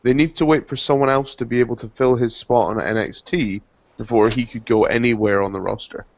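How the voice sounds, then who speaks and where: A mid-pitched man chats and teases in a joking way. His voice sounds close and dry, but muffled and lo-fi. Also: steady tone, brisk, no room sound. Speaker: podcast co-host. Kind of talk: casual chat. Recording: dry, dull lo-fi audio.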